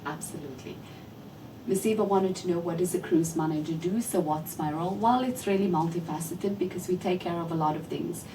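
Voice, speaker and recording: A woman's voice: fairly low pitch, a little fast. A woman, a cruise manager, answering interview questions politely and at length in an articulate way. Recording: distant mic with clear background noise.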